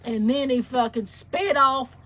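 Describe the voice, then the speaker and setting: A woman's voice: sits high, measured pace, bright, forceful tone. A woman co-hosting a casual livestream chat, telling stories bluntly and with plenty of swearing. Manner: blunt, profane storyteller.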